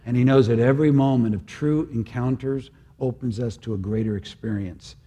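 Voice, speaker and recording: An older man preaching a sermon in an earnest, halting way, often restarting his phrases. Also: mid-range voice, dark tone.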